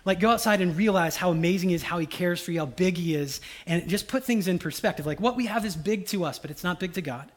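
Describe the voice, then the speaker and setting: A middle-aged man preaching a casual, conversational sermon, acting out the voices of people in his stories. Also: on the high side. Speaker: pastor.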